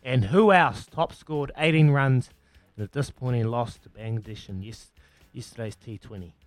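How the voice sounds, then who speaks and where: A man's voice: mid-range voice, moderate pace. A man hosting a breakfast radio quiz, upbeat and matey, counting down answers. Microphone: studio mic.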